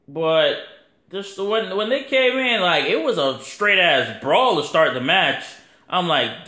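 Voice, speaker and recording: A man's voice: on the high side, pushed and bright, echoey room. A man hosting his podcast, giving a casual, rambling wrestling review full of slang and fillers. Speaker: podcast host.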